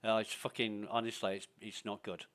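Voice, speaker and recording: A man's voice: on the low side, little pitch movement, a little fast, fairly bright tone. A man chatting while streaming a game, blunt and venting with heavy swearing. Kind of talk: casual gaming chat.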